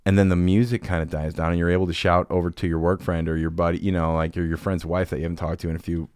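A man's voice: low voice, fast talker, clear, resonant tone, dry recording, studio quality. A young man hosting a podcast, chatting casually and telling jokes with lots of laughter. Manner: joking, animated storyteller who laughs often. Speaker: podcast host.

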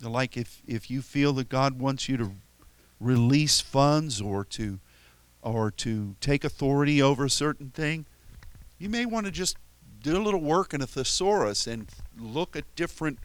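A man's voice: mid-range voice, normal speed, smooth, dry recording. A man preaching a sermon as pastor, talking conversationally with frequent restarts and telling light stories. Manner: tells stories with chuckles and playful quoted voices.

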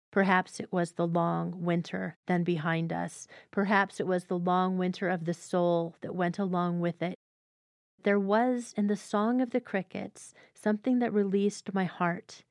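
A woman's voice: mid-range voice, darkish tone, dry recording, studio quality. Earnest woman giving a devotional talk. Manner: earnest, reflective, unhurried phrasing. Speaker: host of a devotional teaching show. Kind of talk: devotional teaching, reading passages aloud.

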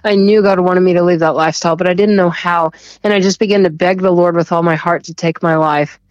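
A woman with a fairly low voice shares a personal faith testimony in an earnest, halting way, restarting her sentences. The sound is dry and a little dull. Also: steady tone, no room sound. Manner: earnest, halting, often repeats words and laughs softly. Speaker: guest sharing a testimony.

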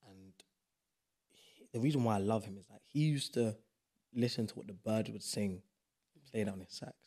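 A man's voice: lowish voice, normal speed, breathy edge. A young man from South East London with a London accent, a podcast guest chatting casually and emphatically. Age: young adult. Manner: animated, emphatic, slangy. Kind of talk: casual chat.

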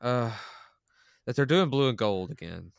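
A man's voice: mid-range voice, lively intonation, unhurried, creaky, noisy background. A man co-hosting a podcast, chatting enthusiastically and rambling with restarts. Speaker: podcast co-host. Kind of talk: casual podcast chat.

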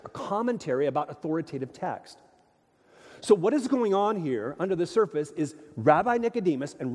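A male pastor preaching with a high, lively voice that swoops up and down as he presses his points. He sounds animated and emphatic and keeps asking the congregation questions. His voice rings with the long reverb of a large church hall. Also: breathy edge. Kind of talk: sermon.

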